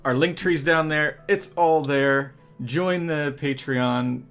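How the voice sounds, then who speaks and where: Man, stream host, unhurried delivery, upbeat, rambling, faint music behind. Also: a little high, a bit bright. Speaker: host and player. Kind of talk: casual live-stream chat.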